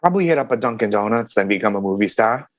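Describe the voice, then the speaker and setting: A man reading a naive young Boston newcomer in a put-on Boston accent, deadpan and drawling. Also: lowish voice, quick pace, dry recording, clean studio sound, pitched below the performer's own voice, close to an everyday voice.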